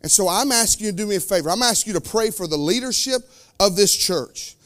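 A man preaching a sermon as pastor, with fervent delivery that swings between loud declarations and quiet, slowed asides. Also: high voice, expressive.

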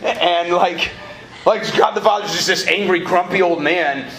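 Speaking unhurriedly in a high voice, this preacher and college ministry director addresses students at a live sermon. He's casual and funny and gets the audience calling back to him. The recording captures a roomy campus hall with faint ambient noise.

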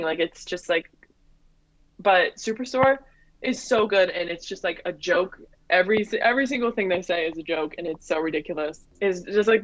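A young woman in her twenties chatting casually as a comedian guest, full of fillers and quick laughs. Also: on the low side, fairly bright tone, no echo. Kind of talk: casual chat. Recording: dull lo-fi, dry.

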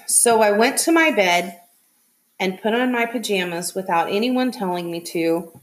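A woman reading a novel aloud in soft, steady storytelling. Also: mid-range voice, moderate pace. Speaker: reader.

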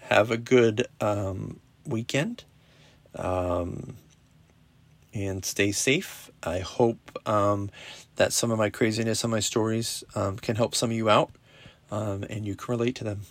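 A middle-aged man hosting a podcast, telling a personal story in a casual, profane, animated way with lots of quoted dialogue. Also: on the low side, slow pace. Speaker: podcast host. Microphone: podcast app recording.

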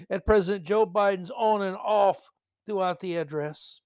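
A man with a somewhat high voice hosts his own podcast, drifting into sarcastic, mocking asides as he goes. The sound is close and dry, with no room around it. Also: moderate pace, darkish tone, clear, resonant tone, no echo. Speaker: podcast host. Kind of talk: solo political commentary podcast.

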